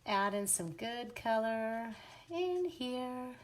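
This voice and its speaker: A woman's voice: a little high, expressive, slow pace, slight background noise. A Canadian woman hosting a live craft stream from home, chatting and giggling at herself as she stamps and colors and greets viewers by name.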